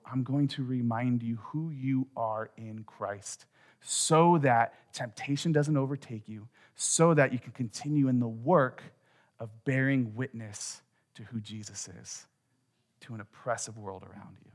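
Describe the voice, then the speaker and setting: A middle-aged man preaching a sermon as a pastor in a conversational way, dropping quiet and then rising to loud emphasis. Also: mid-range voice, unhurried.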